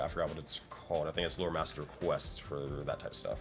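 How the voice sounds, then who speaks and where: A man's voice: a bass voice, big pitch swings, fast, hardly any pauses, a bit bright, soft background music. A man leading a community project, chatting casually in an online meeting and thinking aloud with lots of fillers. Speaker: community project lead and dungeon master. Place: online voice call.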